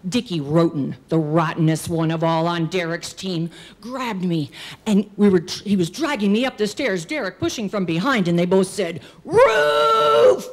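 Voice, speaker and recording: A middle-aged woman performing a personal story on stage, acting out characters' shouts. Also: lowish voice, normal speed. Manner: animated, acts out characters' shouts. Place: stage at a live storytelling show.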